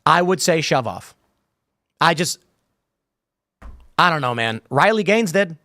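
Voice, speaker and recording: A man's voice: on the high side, expressive, unhurried, bright, forceful tone, dry recording. A man hosting a live show, reading chat comments and riffing on them in a rambling way, full of fillers and restarts. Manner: rambling, many fillers and repeated starts. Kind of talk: casual live-stream commentary.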